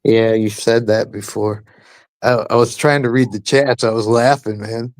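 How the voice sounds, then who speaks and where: A man's voice: lowish voice, flat delivery, moderate pace, no echo. A man co-hosting a livestream, chatting in a laid-back way with chuckling interjections. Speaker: livestream co-host. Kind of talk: casual chat.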